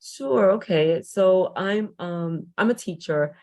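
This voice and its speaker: A woman's voice: lowish voice, takes it slowly, warm tone. A woman teacher guesting on a podcast, speaking hesitantly with frequent restarts and ums. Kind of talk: podcast interview.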